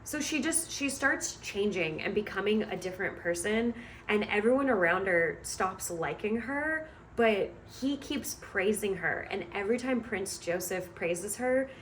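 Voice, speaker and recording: A woman's voice: mid-range voice, lively intonation, a little slow, fairly bright tone, slight background noise. A woman book vlogger retelling a story she is reading, in a chatty, amused way with many hedging asides.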